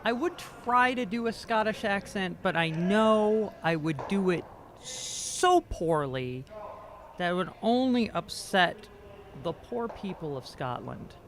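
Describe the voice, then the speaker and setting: Man, amateur curling commentator, high pitch, very animated, self-deprecating, faint background noise. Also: slow pace. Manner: joking, self-deprecating, stumbles over names. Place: curling rink.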